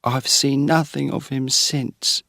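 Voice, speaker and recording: A man's voice: medium pitch, steady tone, vocal fry, pushed and bright, dry recording, studio quality, pitched above the performer's own voice, full character voice. A man putting on a tearful tramp's wife. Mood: defiant. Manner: pleading, tearful, slow. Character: weary, unhappy wife of a tramp.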